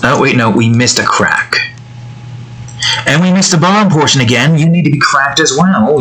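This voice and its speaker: A man's voice: medium pitch, animated, normal speed, fairly bright tone, rough recording. A young man casually narrating as he draws, rambling and muttering to himself. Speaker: digital artist. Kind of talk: casual narration while drawing.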